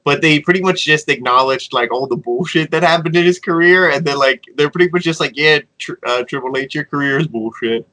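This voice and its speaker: A man's voice: a little high, a little fast, few pauses, sharp tone, low-quality recording. A man co-hosting a casual wrestling review, joking and acting out what people said. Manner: joking, acts out quotes in voices. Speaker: podcast co-host.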